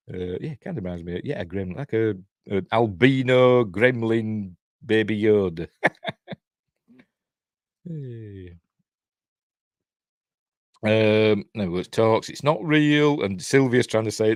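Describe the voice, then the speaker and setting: A man's voice: lowish voice, slow, pauses often, no room sound, clean studio sound. An older man with a Yorkshire accent giving a casual, rambling watch-along review, chuckling often. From Yorkshire, England. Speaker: reviewer and channel host.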